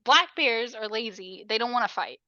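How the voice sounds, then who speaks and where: A woman from Appalachia talks in a casual podcast chat, animated and blunt with a lot of swearing. Her voice sits high and sounds bright and crisp. The recording is dry and slightly muffled. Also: moderate pace, no room sound. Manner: emphatic, profane, animated storytelling. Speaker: podcast co-host.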